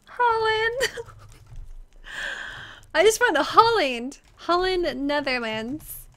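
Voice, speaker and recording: Young American woman streamer with a high voice and a slow, laughing, self-mocking way of talking. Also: animated, pushed and bright. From United States. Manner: giggly, flustered, self-deprecating. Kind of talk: casual live-stream chat.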